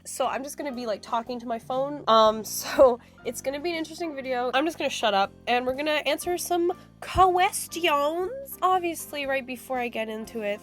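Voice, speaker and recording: Raspy-voiced sick young woman. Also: on the high side. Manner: chatty and effusive, many fillers. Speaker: cosplay YouTuber. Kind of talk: casual Q and A vlog. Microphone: phone used as microphone, held close.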